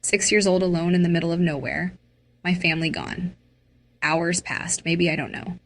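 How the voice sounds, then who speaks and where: A woman's voice: lowish voice, normal speed. A woman narrating a dramatic first-person story.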